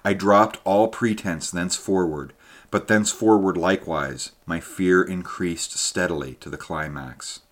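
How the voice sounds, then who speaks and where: A man narrating a story in a measured storytelling manner. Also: deep voice. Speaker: audiobook narrator. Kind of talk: scripted narration.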